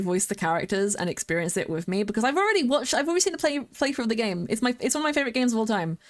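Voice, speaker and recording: Young woman streamer, casual rambling chat with viewers, excitable bursts, mid-range voice. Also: mid-range voice. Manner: chatty, rambling, with many fillers and restarts; excitable, squeals greetings to viewers.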